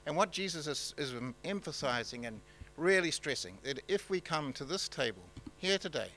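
NZ male pastor, bright forward tone, halting off-the-cuff sermon delivery, faint hum behind. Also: fairly high pitch, big pitch swings, rough recording. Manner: halting, many fillers and restarts, conversational.

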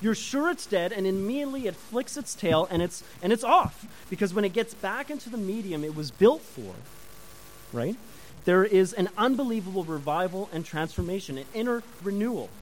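A man preaches a sermon in a high, lively voice that rises and falls widely. He talks with his congregation and asks them questions as he goes. A faint hiss sits under the recording. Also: normal speed, poor audio. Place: church before a congregation.

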